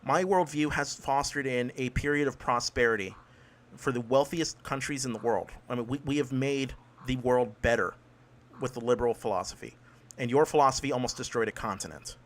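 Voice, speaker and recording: Calm, conciliatory man in a debate. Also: mid-range voice, a little fast. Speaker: debate host.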